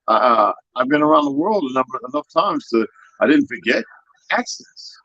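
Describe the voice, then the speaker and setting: A man's voice: medium pitch, animated, moderate pace, bright, forceful tone, no room sound, muffled recording. A man lecturing in a casual talk-show chat, full of his own theories. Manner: lecturing, talks about himself as a linguist. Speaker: guest.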